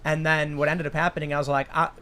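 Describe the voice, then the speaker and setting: A man's voice: fairly high pitch, flat delivery, fast talker, bright, forceful tone. A young man hosting a casual chat, telling a rambling story full of restarts. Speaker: host.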